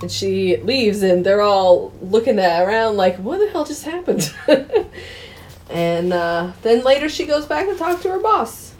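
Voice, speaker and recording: A woman's voice: medium pitch, expressive, unhurried, a little mellow, slight background noise. A woman co-hosting a podcast, casually retelling a film's plot and acting out the characters' lines with laughter. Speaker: podcast co-host. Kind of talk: casual movie recap chat.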